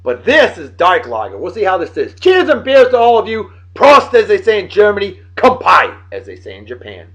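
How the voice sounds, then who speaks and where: Boisterous, animated man hosting a beer vlog. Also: high voice, moderate pace, hardly any pauses, rough recording. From Martha's Vineyard, Massachusetts. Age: late 30s. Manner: boisterous, jokey and self-hyping. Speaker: host of a beer-of-the-day show. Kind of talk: casual beer-tasting vlog.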